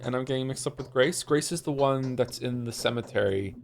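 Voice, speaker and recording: A man's voice: mid-range voice, fairly quick, vocal fry. Rambling male game streamer. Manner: rambling, hesitant, with many fillers and restarts; swears casually when reacting to the game. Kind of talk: casual let's-play commentary.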